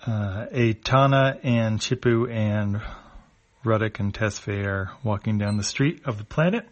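A man reading a comic aloud, describing each panel in a plain, unhurried way. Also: fairly low pitch, muffled recording. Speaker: comic reader.

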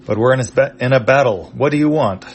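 A man's voice: mid-range voice, fast talker, a little hiss or hum, close to an everyday voice. A man reading a harried male starship captain from a comic strip in a curt, raised voice. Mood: impatient.

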